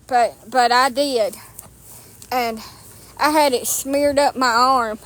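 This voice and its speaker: Her voice is on the high side, steady and fairly bright, and she speaks a little slowly. A vlogger outdoors on rural property with dogs, she tells a story on her phone with casual, blunt, salty humor aimed at herself.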